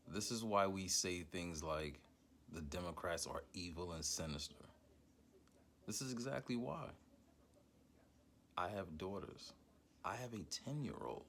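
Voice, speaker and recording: A man's voice: low voice, animated, measured pace, creaky, long pauses, fairly bright tone, a little hiss or hum. A man hosting heated political commentary, swearing and stumbling over words when angry. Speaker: commentary host.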